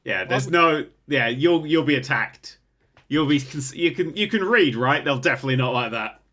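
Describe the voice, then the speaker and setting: A man's voice: mid-range voice, animated, moderate pace, bright, forceful tone. A young man hosting a casual podcast, rambling and swearing with frequent laughter. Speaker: podcast host. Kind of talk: casual chat.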